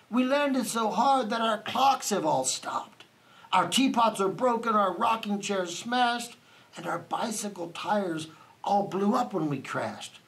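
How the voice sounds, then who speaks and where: A man doing a tiny, soft-spoken town mayor. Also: high-pitched, full character voice.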